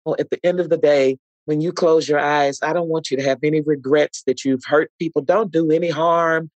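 A woman's voice: low voice, steady tone, brisk, dry recording, rough recording. Earnest middle-aged woman, dry close sound. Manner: heartfelt, earnest storytelling with acted-out quotes. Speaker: actress guest. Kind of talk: podcast interview.

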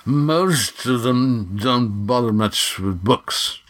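A man voicing a drunk man who speaks slowly with slurred words, in a storybook reading. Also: medium pitch, expressive, a bit bright. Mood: slurred, sluggish. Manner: slow, slurred speech.

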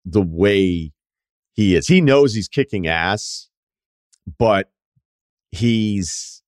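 Man, deep voice, podcast host, casual storytelling, animated, swears, dry close mic. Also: drawn-out words, no echo. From Boston area. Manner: animated, acts out quotes, swears freely. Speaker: podcast host and longtime radio host.

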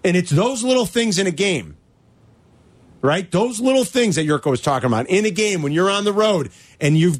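A man hosting a sports talk show, ranting animatedly and asking rhetorical questions. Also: high-pitched. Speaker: sports radio host.

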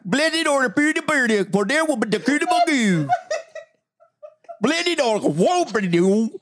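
A woman's voice: on the high side, very animated, moderate pace. A woman putting on a mock preacher voice, reciting scripture in solemn, sing-song gibberish.

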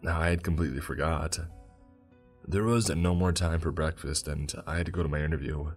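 A man narrating a first-person horror story in a calm, steady manner. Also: rumbling low, a little fast. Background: faint music.

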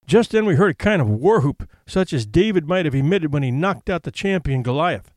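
Man, audiobook narrator, wry expressive storytelling, lively pitch, dry close recording. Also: brisk, few pauses, no echo. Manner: expressive, wry first-person telling.

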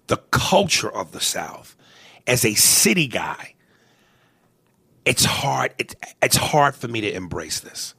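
Animated gravelly New host. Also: male voice, mid-range voice, takes it slowly, long pauses, no echo. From New York. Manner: animated, mimics accents, repeats words. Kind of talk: casual comedic podcast chat.

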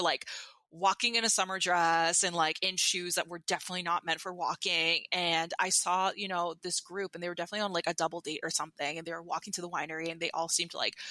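A woman recounting a personal story on a podcast, full of fillers and quick restarts. Her voice is bright and on the lower side, recorded dry and close to the mic. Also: no echo. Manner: chatty, many fillers and restarts. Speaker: podcast guest. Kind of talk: candid storytelling.

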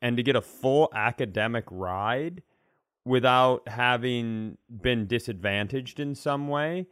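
A man co-hosts a podcast, dropping in short quips and agreement during casual chat. His voice sits at a medium pitch for a man. The recording is dry and close. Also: slow, fairly bright tone, no room sound. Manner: brief interjections and banter. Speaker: podcast co-host.

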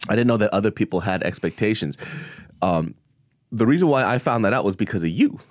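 A man's voice: lowish voice, expressive, brisk, no room sound. Joking man on a podcast, dry sound. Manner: blunt, joking, swears freely. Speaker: podcast co-host. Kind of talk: casual chat. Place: podcast studio.

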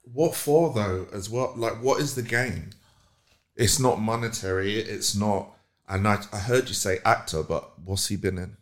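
Deep-voiced man, animated chat. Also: a little slow, reverberant. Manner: animated, emphatic, swings into loud mocking voices. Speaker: podcast co-host. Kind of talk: casual chat.

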